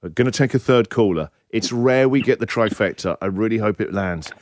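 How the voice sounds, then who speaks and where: A man's voice: fairly low pitch, fairly quick, no room sound. A man hosting a radio breakfast show, teasing callers and joking through playful studio banter. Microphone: studio microphone.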